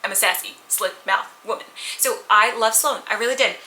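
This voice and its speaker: A woman casually reviewing books at home, candid and animated, sometimes acting out characters' lines. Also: a little high, brisk, roomy sound, rough recording. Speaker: book vlogger. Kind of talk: casual chatty book review. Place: at home with a purring cat nearby.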